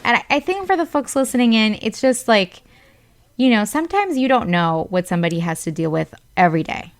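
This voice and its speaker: A woman's voice: fairly high pitch, lively intonation, a little fast, dry recording. Frank woman guest, lots of "like". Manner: frank, uses "like" and "right" often. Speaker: interview guest. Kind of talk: casual chat.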